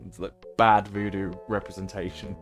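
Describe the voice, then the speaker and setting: A man's voice: low-pitched, little pitch movement, moderate pace, faint music behind. A man streaming a game, chatting casually and laughing often. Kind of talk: casual gaming commentary.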